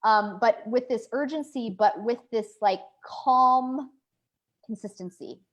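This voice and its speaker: A woman's voice: a little high, takes it slowly. A woman who is a guest on a business call, speaking in an earnest, reflective way. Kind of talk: casual business call chat.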